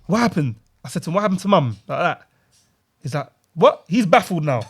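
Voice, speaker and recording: Fast-talking young man. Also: a little high, gravelly, husky. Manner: animated storytelling with London slang, acting out quotes. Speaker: podcast co-host. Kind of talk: casual chat, personal story.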